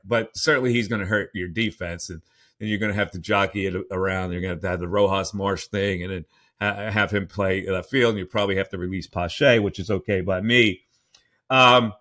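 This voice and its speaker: A man's voice: lowish voice, sharp tone. A man hosting a sports talk podcast, rambling and opinionated, with frequent restarts.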